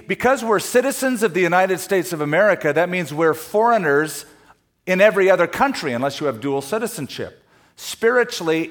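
A middle-aged man from California preaching a sermon, telling a travel story with laughter before turning to scripture. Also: a little high. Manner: animated storyteller, laughing through anecdotes.

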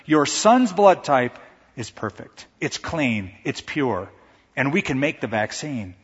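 A man playing a gentle male hospital doctor who speaks quietly and solemnly. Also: medium pitch, very animated, slow, breathy edge, exaggerated voice. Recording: echoey hall, dull lo-fi sound.

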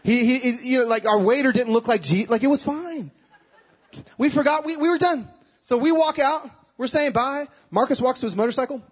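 High, husky-voiced male preacher. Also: brisk, highs cut off. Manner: animated, acts out dialogue. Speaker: guest speaker. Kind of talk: sermon with storytelling.

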